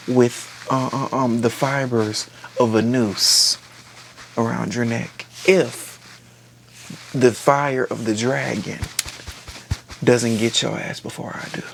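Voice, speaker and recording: A man's voice: mid-range voice, creaky, a little hiss or hum. A man voicing a haughty young prince who scolds with slang and curses, in a casual recap.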